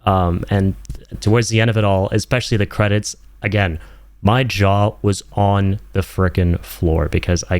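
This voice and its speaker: Enthusiastic young man, low dry voice. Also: clean tone, dry recording. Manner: excitable, emphatic, casual with slang. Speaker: video game reviewer. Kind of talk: enthusiastic game review.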